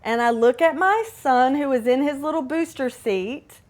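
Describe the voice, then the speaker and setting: A woman's voice: high-pitched, normal speed. A middle-aged woman hosting a podcast, candidly telling a personal story with dramatic asides. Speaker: podcast host.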